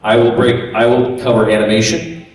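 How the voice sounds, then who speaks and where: A man's voice: mid-range voice, little pitch movement, moderate pace. A man, a voice actor and workshop teacher, explaining things casually on a convention panel. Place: large convention room. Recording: echoey hall recording from far off.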